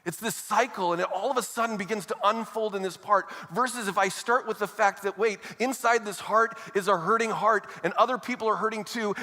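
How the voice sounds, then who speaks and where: A male pastor with a high voice preaches in a church auditorium, and a long reverb trails behind his words. His delivery is conversational, mixing scripture with casual asides and questions to the congregation. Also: pushed and bright. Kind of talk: sermon.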